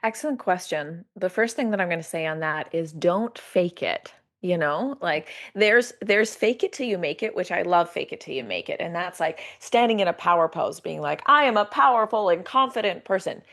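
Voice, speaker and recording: Woman, podcast guest coach, casual chat, animated, slightly low voice. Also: normal speed, few pauses. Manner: animated, acts out her own inner voice.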